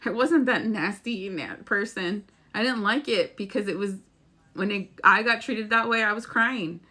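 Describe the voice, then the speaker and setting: Speaking at a normal speed in a mid-range voice that sounds pushed and bright, a woman pours her heart out to viewers of her casual spiritual vlog. She rambles earnestly and lets the odd swear word slip.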